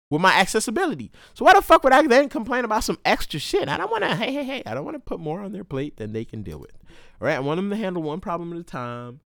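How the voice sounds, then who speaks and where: Animated slangy young man. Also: high-pitched, no echo, studio quality. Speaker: podcast host and college student. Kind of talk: casual storytelling monologue.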